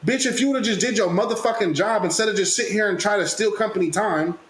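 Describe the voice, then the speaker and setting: A man hosting a podcast, telling a story in a casual, animated, profane way and loudly acting out the people in it. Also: high-pitched, fast talker. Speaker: podcast host. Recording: echoey room with faint noise.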